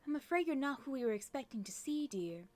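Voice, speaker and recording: A woman's voice: high-pitched, expressive, fast talker, darkish tone, pitched above the performer's own voice. A woman voicing a doting old fairy aunt. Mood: sweet, doting. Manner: sweet, doting, calls everyone dear. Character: kindly elderly female fairies, motherly and fussy. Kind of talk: reading game dialogue aloud in character.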